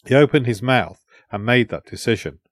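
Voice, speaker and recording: A man's voice: mid-range voice, lively intonation, moderate pace, dry recording, clean studio sound. Man narrating an adventure tale. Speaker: audiobook narrator. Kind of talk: storytelling narration.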